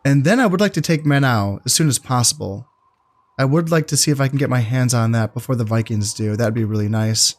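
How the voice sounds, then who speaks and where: A man casually commentating his strategy game, thinking aloud in a relaxed, musing way with fillers. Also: medium pitch, brisk. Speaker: gameplay commentator. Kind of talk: casual let's-play commentary.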